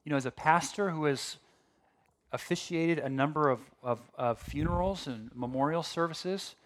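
A male pastor preaching a sermon in a conversational, animated way, with asides and restarts. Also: a little high, moderate pace.

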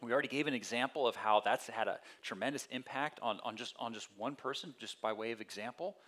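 A male pastor giving a conversational sermon, telling personal stories and acting out voices with lively energy. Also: medium pitch, fast talker. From California. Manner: conversational storytelling with animated quoted voices.

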